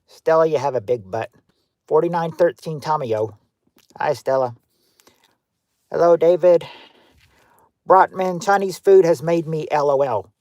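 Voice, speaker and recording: A man with a fairly high, slightly mellow voice hosts a livestream game show, recorded dry. He reads out viewers' guesses and greets them by name in a casual, chatty way, full of fillers and restarts.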